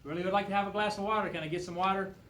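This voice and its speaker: A man's voice: high-pitched, fairly even intonation, very fast, a bit bright, a little hiss or hum. A man voicing a thirsty five-year-old boy who keeps begging for water, in an echoey room. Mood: pleading. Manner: whiny, insistent.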